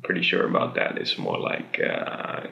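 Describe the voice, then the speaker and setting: A young Dutch man with a Dutch accent, chatting casually through a language tutorial with many pauses. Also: deep voice, steady tone, bright, forceful tone, roomy sound, lo-fi sound. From Netherlands. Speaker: video host.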